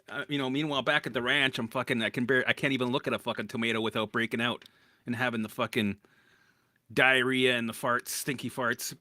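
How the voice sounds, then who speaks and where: A man coaching people through recovery in a blunt, profane, animated casual talk. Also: mid-range voice, no echo, studio quality. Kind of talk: casual motivational talk to camera.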